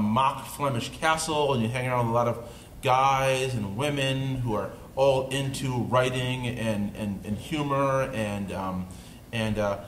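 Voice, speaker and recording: A man's voice: medium pitch, fairly bright tone. A man with an upstate New York accent, an author talking casually on a panel to an audience and making self-deprecating jokes. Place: dark indoor event room. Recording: roomy event-room recording, faint noise.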